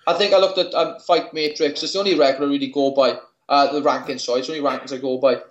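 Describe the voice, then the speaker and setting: A young Welsh man in his twenties, a fighter being interviewed, who talks in a halting way and often repeats and restarts his words. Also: mid-range voice, steady tone. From Wales. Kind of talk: casual interview. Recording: echoey room, dull lo-fi sound.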